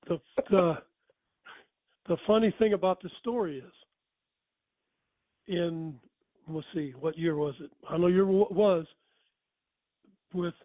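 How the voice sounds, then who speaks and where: Older man, rambling casual storyteller, self-correcting, high-pitched, tinny sound. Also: no room sound.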